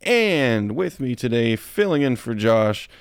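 A man's voice: medium pitch, very animated, unhurried, clean tone, dry recording. A man hosting a comedy podcast, chatting casually and trading dry jokes with a guest. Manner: dry, joking banter. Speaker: podcast host.

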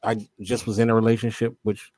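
A man's voice: fairly low pitch, little pitch movement, brisk, a little mellow, no room sound. A man co-hosting a casual talk show, chatting loosely and reading viewer comments aloud, with many fillers and restarts. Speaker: co-host.

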